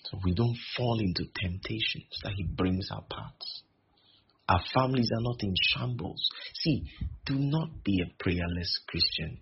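A male preacher, repeating phrases for emphasis and slowing on key lines. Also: lowish voice. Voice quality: gravelly and very husky. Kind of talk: sermon. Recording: dull lo-fi recording.

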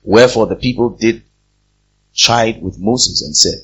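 Male pastor, husky, animated preacher; muffled lo-fi sermon recording. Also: on the low side, moderate pace. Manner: animated, rising to loud emphatic peaks; speaks directly to the congregation with questions. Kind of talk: preaching a sermon with scripture reading.

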